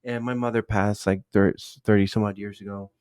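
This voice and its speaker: A man's voice: on the low side, little pitch movement, fairly quick, darkish tone, clear, resonant tone. Give me a man hosting an interview, hesitant and rambling. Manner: rambling, hesitant, trails off mid-sentence. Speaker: podcast host. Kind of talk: casual interview chat.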